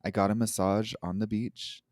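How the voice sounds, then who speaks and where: Guesting on a podcast, a man chats casually in a casual interview, lively and playfully mimicking people he met with voices for his quotes. His pitch is fairly low and his pace moderate.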